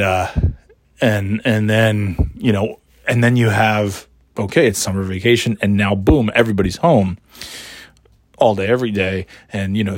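A middle-aged man sits close to a dry, deadened mic and rambles through his solo podcast in a slightly low voice. His throat sounds scratchy and worn after being ill. He keeps the talk loose and chatty, and pokes fun at himself as he drifts from one tangent to the next. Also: darkish tone, no room sound. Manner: rambling, self-mocking, swears casually. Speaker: podcast host. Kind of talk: casual solo podcast chat.

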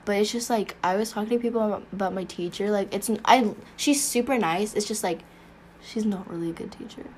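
A woman's voice: mid-range voice, fairly quick, darkish tone, slight background noise. A teenage girl co-hosting a casual podcast, rambling and cutting herself off mid-sentence. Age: teens. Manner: rambling, self-interrupting, giggly. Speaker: podcast co-host. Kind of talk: casual chat.

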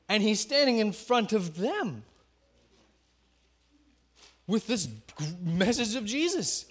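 Lively, high-voiced pastor telling a story. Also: male voice, slow pace, long pauses. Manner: animated, acts out the scenes in small voices; coaches the congregation to call out lines. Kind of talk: storytelling sermon.

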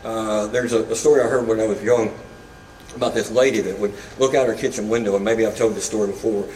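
A man's voice: on the low side, steady tone, fast talker, a little mellow, slight background noise. A man preaching a sermon in a conversational way, with casual asides and humor, in a church sanctuary. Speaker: pastor. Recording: echoey room, mic at a distance.

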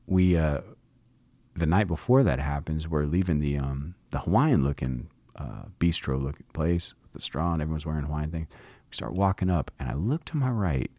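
A middle-aged man with an extremely low, rumbling voice tells a long anecdote in a loose, swearing, laid-back way, putting on voices for the people he quotes. The sound is close and dry, with no room to it. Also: darkish tone, no echo. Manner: profane, laid-back storyteller who acts out quotes. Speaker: podcast host. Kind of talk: casual storytelling monologue.

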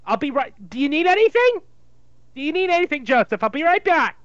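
A man voicing an older nagging mother in a put-on New York Jewish accent, high and whiny. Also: big pitch swings, a little fast, no echo. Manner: high shrill whiny scolding. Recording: dull dry lo-fi sound.

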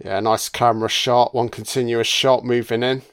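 A man's voice: mid-range voice, little pitch movement, normal speed, clean tone. A man giving casual, sardonic film commentary full of swearing and jokey asides.

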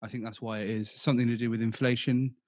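A man's voice: medium pitch, flat delivery, darkish tone, no echo. Joking southern English guy, dry mic. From southern England. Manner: joking, laughs often, quick banter. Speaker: podcast co-host. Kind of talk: casual chat.

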